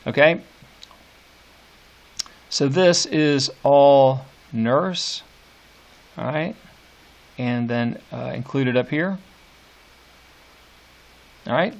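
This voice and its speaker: A middle-aged man teaching literature, reading poetry aloud slowly and annotating it, with hesitant fillers. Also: medium pitch, creaky. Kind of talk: lecture with poem reading.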